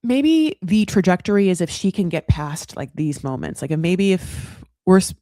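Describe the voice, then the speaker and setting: A woman hosting a casual reality TV recap, talking in sassy, animated bursts and swearing freely. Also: fairly low pitch, moderate pace, no echo, clean studio sound.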